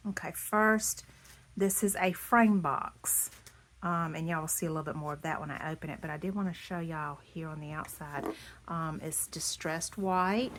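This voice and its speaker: A hoarse, slightly low-voiced woman gushes through a casual show-and-tell of handmade crafts. Her tired throat roughens the sound, and she keeps slipping into soft half-whispers as she admires each piece. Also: moderate pace, slight background noise. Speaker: craft vlogger.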